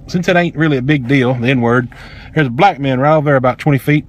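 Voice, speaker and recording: Fast-talking, heated man. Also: mid-range voice. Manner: heated, profane, emphatic. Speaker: vlogger. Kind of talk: angry personal storytelling.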